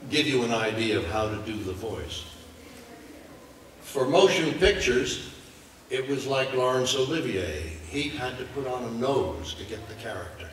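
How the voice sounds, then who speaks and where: An older voice actor telling measured anecdotes on a convention panel. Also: male voice, medium pitch, a bit bright, a little hiss or hum. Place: large convention hall. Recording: echoey hall recording from far off.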